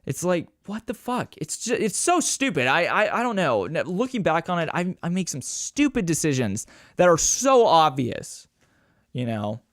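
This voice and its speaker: A man's voice: on the high side, normal speed, no room sound, clean studio sound. A young man hosting a podcast alone, rambling casually, swearing and poking fun at himself. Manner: rambling, swearing, self-mocking; animated, mimics people with a raised voice. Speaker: podcast host. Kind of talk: casual solo podcast chat.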